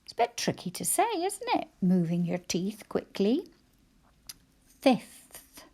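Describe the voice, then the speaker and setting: A woman teacher slowly sounding out letters and syllables for young children in a phonics lesson, praising them cheerfully. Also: mid-range voice, huge pitch swings, creaky, dark tone, husky. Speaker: primary school teacher.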